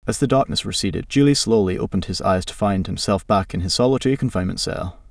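Male storyteller reading fantasy prose; gravelly, steady delivery, dry and slightly distant recording. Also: fairly low pitch, quick pace, no echo.

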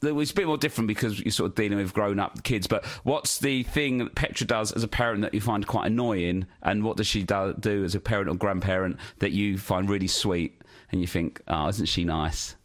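Rambling podcast host. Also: male voice, on the low side, a little fast, hardly any pauses. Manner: rambling, chatty, with many fillers. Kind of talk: casual podcast chat.

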